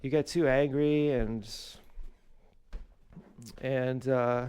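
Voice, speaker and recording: A man's voice: mid-range voice, fairly even intonation, drawn-out words, mellow, smooth. A man vlogging at home, telling a rambling, candid personal story with many fillers and restarts. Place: home kitchen.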